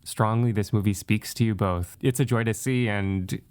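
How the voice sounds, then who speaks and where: A man co-hosting a podcast, speaking in a calm, measured and gracious way. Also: lowish voice, smooth. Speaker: podcast co-host. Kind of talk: casual film discussion.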